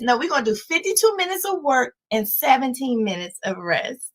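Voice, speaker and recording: A woman in her forties giving a livestreamed life-coaching talk, emphatic and animated, chanting repeated words and laughing often. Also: sits high, moderate pace, poor audio.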